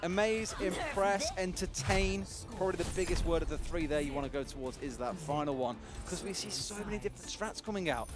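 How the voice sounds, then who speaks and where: Fast-talking high-voiced male esports analyst. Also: over music. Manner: rapid, chatty analysis with jokes. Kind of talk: live color commentary.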